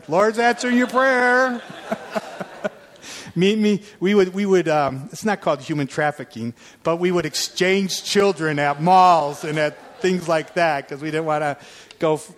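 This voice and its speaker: Male preacher, high voice, animated storyteller. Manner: animated storyteller, acts out quoted prayers and calls. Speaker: guest preacher. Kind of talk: sermon storytelling.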